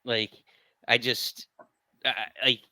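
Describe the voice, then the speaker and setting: A man co-hosting a casual recap chat, chatty with halting restarts. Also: mid-range voice, flat delivery, bright, forceful tone, dry recording. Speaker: podcast co-host.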